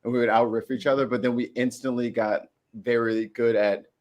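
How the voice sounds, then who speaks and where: Animated joking man in a casual chat. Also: mid-range voice, brisk, muffled recording.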